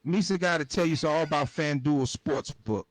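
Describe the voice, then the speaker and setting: A man's voice: fairly high pitch, no room sound, lightly acted. A synthetic male voice putting on a goofy Gungan creature. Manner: pidgin grammar, slow and drawn out.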